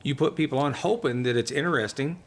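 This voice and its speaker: A man's voice: mid-range voice, quick pace. Male racer telling stories animatedly. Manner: animated storyteller, acts out others' lines. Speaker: guest, retired race car champion. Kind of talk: casual storytelling interview.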